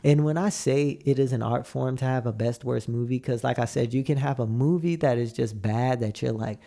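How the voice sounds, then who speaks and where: A man's voice: mid-range voice, brisk, creaky, hardly any pauses, warm tone. A young man co-hosting a podcast in casual chat, laid-back and drawn out, acting out quotes as he tells a story. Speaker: podcast co-host.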